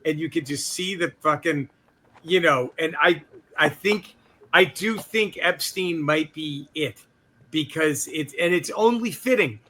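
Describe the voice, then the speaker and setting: A man co-hosting a comedy politics podcast, swearing freely in loose, animated banter. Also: a little high, a little slow, slight background noise. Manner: animated, swears a lot, mimics quoted people. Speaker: podcast co-host.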